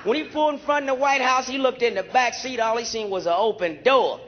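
A male stand-up comedian doing a brash, profane routine on stage, telling animated stories to a live audience. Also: very high voice, fairly quick, hardly any pauses, a faint crowd. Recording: dull live recording with audience noise.

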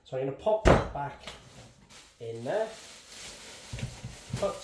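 A man's voice: medium pitch, sing-song, slow. A man in his sixties with a Welsh accent talks viewers through kneading sourdough in his home kitchen, chatty and step by step. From Wales. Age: 60s. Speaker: home baker. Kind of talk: casual baking demonstration. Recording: echoey kitchen, faint background noise.

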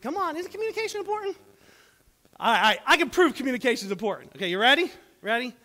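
A man's voice: extremely high pitch, very animated, quick pace, pushed and bright. A man, preaching a sermon as pastor, in a folksy, conversational way with asides to the congregation. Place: church sanctuary.

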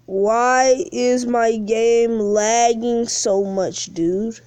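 A woman's voice: fairly high pitch, steady tone, very slow, darkish tone, clear, resonant tone, no echo. A woman live-streaming a mobile game on her phone, chatting in slang and whining about lag. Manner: slangy, calls viewers bro and man; whiny complaints about lag. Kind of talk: casual game streaming chat.

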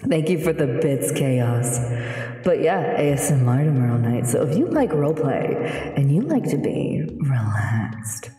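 A woman's voice: extremely low pitch, very animated, unhurried, dark tone. A woman streamer chatting casually with her live audience, giggly and playful. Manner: giggly, playful, thanks chat for bits. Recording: echoey with long reverb, background music.

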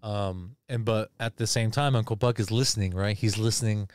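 A man's voice: fairly low pitch, steady tone, normal speed. A man co-hosting a podcast who recaps a movie in casual, rambling talk, swearing often and acting out scenes. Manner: rambling, profane, acts out scenes. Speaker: podcast co-host.

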